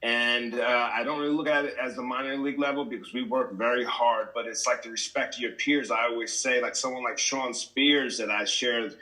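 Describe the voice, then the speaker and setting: A man's voice: mid-range voice, steady tone, brisk, few pauses, bright, forceful tone, low-quality recording. A man co-hosting a wrestling podcast, a wrestler himself, chatting in a laid-back way and repeating points for emphasis. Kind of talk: casual interview chat.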